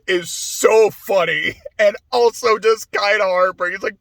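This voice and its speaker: A man giving an off-the-cuff movie review, rambling and excitable, swearing and laughing often. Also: high-pitched, normal speed, hardly any pauses, dry recording.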